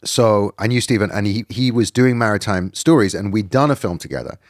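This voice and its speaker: British man, middle-aged, fairly low voice, dry close sound, rambling storyteller, casual podcast guest. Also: expressive, a little fast, dry recording. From Britain. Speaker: documentary filmmaker guest.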